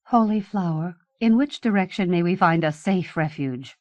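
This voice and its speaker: A woman's voice: lowish voice, moderate pace, a little mellow, dry recording, natural voice. A woman voicing an emphatic, motherly queen in a fantasy audiobook. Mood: firm. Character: caring queen with a magic amulet.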